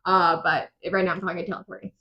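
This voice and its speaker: A young woman from Miami, co-hosting a podcast, retelling a book's chapters in an animated, jokey way. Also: lowish voice, fast talker, highs cut off. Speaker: podcast co-host summarizing chapters. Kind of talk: casual chat.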